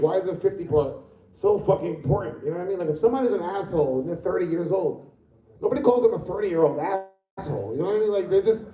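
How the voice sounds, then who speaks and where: A man's voice: on the high side, warm tone, echoey room, recorded from a distance. A fifty-year-old man doing a rambling, profane stand-up set in a comedy club. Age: 50s.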